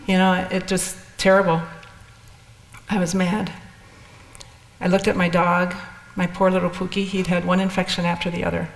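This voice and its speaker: A woman's voice: fairly low pitch, level tone, normal speed. An older woman telling her personal story in a candid, rambling way, with restarts and asides. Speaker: speaker sharing experiences. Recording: echoey hall with long reverb.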